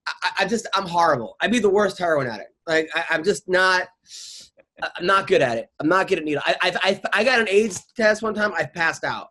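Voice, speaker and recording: A middle-aged man hosts a podcast in loose, casual conversation, and his voice is notably high for a man. He rambles through stories, stammering and starting over, and swears freely. His delivery is animated and fairly quick, with a pushed, bright quality.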